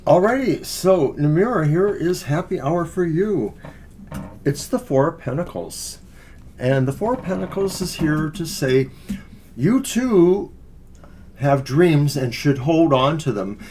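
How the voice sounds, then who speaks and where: Man, slightly high voice, tarot co-host, earnest and encouraging, casual delivery. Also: lively intonation, unhurried, darkish tone, breathy edge. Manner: earnest, encouraging, speaks with loose fillers. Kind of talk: casual live tarot reading.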